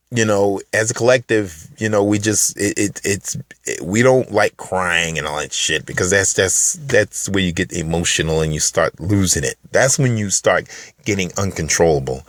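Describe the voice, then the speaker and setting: Man, very deep voice, profane rambling vlog rant, restarts and fillers, mutters then emphatic bursts, dry close sound. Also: fairly bright tone, no room sound. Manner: shifts between low mutters and raised, emphatic bursts. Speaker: vlogger. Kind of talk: unscripted ranting monologue to camera.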